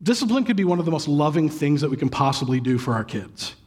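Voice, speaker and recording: A man in his thirties delivers a sermon in a slightly high, husky voice. He tells stories animatedly, throwing in acted sighs and exclamations. It has the easy, personal feel of a pastor talking to his congregation. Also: sing-song, fast, a little mellow.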